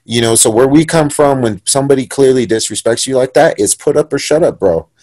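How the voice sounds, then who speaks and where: Young San Diego man, podcast guest; animated storyteller with mid pitch, dry close mic. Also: a little fast, dry recording. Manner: animated, profane, acts out quoted voices. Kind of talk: casual storytelling.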